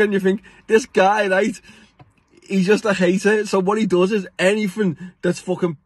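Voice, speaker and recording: Husky, sweary British man ranting. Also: high voice, fairly even intonation, moderate pace, dry recording. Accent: British English. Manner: blunt, sweary, laughs often between points. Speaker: vlogger. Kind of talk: casual rant to camera.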